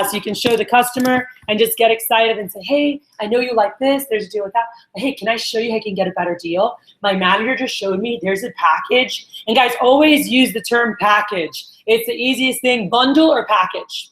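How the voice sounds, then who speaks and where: A woman sales trainer telling stories to a group, acting out quotes in an animated way. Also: on the high side, brisk, hardly any pauses. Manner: animated storyteller, acts out quotes. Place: meeting room with a group. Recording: echoey meeting room.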